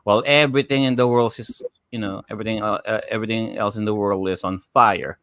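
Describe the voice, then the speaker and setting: A man's voice: lowish voice, steady tone, fast talker, fairly bright tone, no room sound. A man hosting a panel show who talks hesitantly and fills his sentences with many filler sounds. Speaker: host. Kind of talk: casual panel chat.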